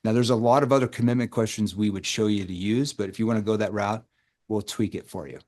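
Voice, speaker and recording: A man's voice: on the low side, fairly even intonation, quick pace, darkish tone. A man running a live sales coaching session over a video call, who keeps quizzing the group with rhetorical questions. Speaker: sales trainer.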